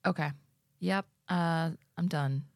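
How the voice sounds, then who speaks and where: A woman's voice: lowish voice, takes it slowly, gravelly, dry recording, clean studio sound. A young woman co-hosting a podcast, reacting with sarcastic quips and laughs in casual chat. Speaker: podcast co-host.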